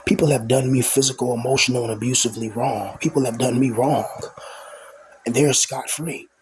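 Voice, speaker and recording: A young man rants to his camera in a loose, rambling monologue, circling back on himself with fillers and restarts. His voice sits at an ordinary middle pitch, and faint noise hums under the recording. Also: fairly even intonation, brisk, poor audio. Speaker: vlogger.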